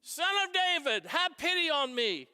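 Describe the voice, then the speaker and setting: A priest putting on a loud, insistent blind beggar man, high and bright, in an echoey church. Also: very animated, unhurried, heavily acted. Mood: defiant. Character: determined blind male beggar crying out.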